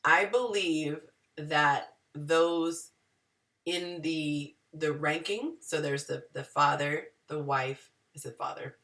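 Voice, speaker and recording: A woman hosting a casual group video chat, an animated, self-deprecating storyteller who acts out the people she quotes. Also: deep voice, takes it slowly, distant mic. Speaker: host. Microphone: video call.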